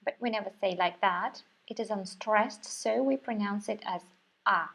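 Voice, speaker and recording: A woman's voice: medium pitch, normal speed, creaky, fairly bright tone. A woman with a Russian accent teaching a language lesson, patiently repeating words for learners. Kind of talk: slow, careful language lesson.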